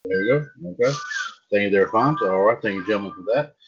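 A man's voice: lowish voice, quick pace, slight background noise. A man hosting a wrestling podcast, leading the panel and asking co-hosts for their takes. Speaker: podcast host. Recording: dull lo-fi sound.

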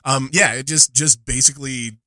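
Bright-voiced man laughing through casual chat. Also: mid-range voice, fairly even intonation, no echo. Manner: laughs often, halting restarts. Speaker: podcast guest and former co-host.

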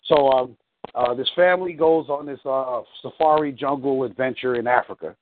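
A man's voice: mid-range voice, moderate pace, a little hiss or hum. A male coach on a coaching call, rambling through a story with many fillers. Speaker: life coach. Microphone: phone call. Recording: tinny phone line.

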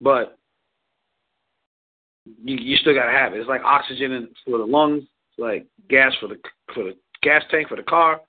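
A man's voice: mid-range voice, normal speed, long pauses. A man giving casual relationship advice, rambling, repeating words and laughing often. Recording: tinny phone line.

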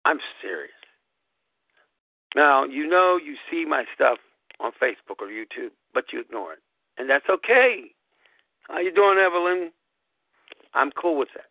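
A man hosting a live podcast, giving an emphatic, preachy motivational talk that repeats phrases and swings sharply up and down in pitch. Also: expressive, moderate pace, long pauses, dry recording. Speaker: host of a gaming club podcast. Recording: dry, tinny phone-like audio.

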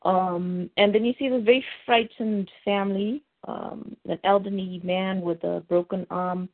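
A woman's voice: medium pitch, fairly even intonation, unhurried. A woman co-hosting a casual show recap, describing a scene in a hesitant way with fillers. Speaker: podcast co-host. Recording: tinny phone-like audio.

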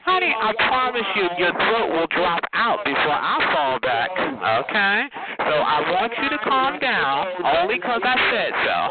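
A man on a phone chat line, talking in a sassy, condescending way and calling the other caller baby and honey. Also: sits high. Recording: tinny phone line with loud crowd.

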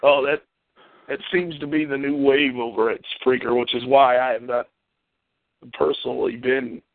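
A man's voice: medium pitch, flat delivery, moderate pace, dry recording. A man hosting a casual talk show, ranting profanely and venting. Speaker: podcast host. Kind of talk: casual chat. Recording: tinny phone line.

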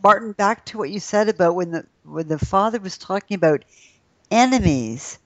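A woman's voice: mid-range voice, moderate pace, dry recording. A middle-aged woman in casual discussion, telling a family story and acting out the people in it. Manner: storytelling, animated quoting of her daughter. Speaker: co-host. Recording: slightly dull dry audio.

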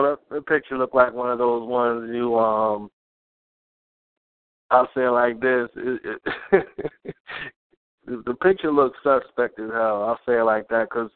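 A man calls in to a talk show and speaks haltingly, pausing on fillers and breaking into dry chuckles. The audio is dry and close, squeezed through a phone-like line. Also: mid-range voice, dry recording. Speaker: caller. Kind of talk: casual call-in chat.

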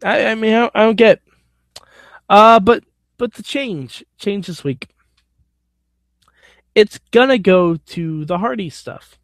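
A man's voice: high-pitched, takes it slowly, pauses often, no echo, clean studio sound. A man hosting a podcast alone, giving a casual wrestling recap in an opinionated, blunt, sometimes profane way. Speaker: podcast host.

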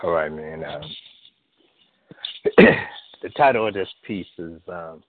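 A slightly hoarse man performs spoken-word poetry, rolling through rhythmic lines that jump into high bursts. The sound is thin and phone-like, with a dry, close feel. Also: slow pace, no room sound. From US West Coast. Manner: rhythmic, rising delivery with sudden high bursts. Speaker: poet. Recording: tinny phone-like line, dry.

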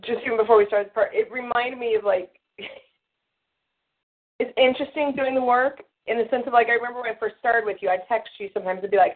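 A woman on a group call, talking in a chatty, animated way with frequent laughs. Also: a little high, fast talker. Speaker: call participant. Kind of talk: casual chat. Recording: phone-like line.

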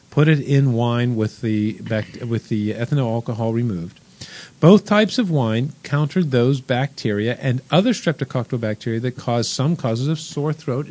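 A man's voice: mid-range voice, a little mellow. A man hosting a casual chat show, reading out wine news with wry jokes and frequent laughter. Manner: wry, joking, laughs often. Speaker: host.

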